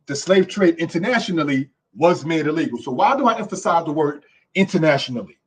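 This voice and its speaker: A man's voice: on the high side, breathy edge. A man teaching a history lesson in an emphatic, preacherly way, often checking in with his listeners. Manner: repeats "you understand?" and "brothers and sisters".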